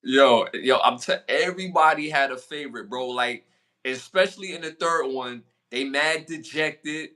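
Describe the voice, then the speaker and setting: Podcast co-host, male, bright edge, animated and slangy, pitch leaps when excited. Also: normal speed. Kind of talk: casual chat.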